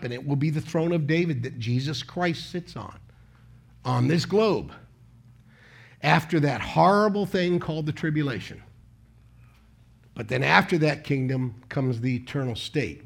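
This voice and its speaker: A man with a notably high voice delivers a sermon that feels like a conversation with the pews. He asks his listeners rhetorical questions and keeps breaking into sudden loud emphasis on key words. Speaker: preacher.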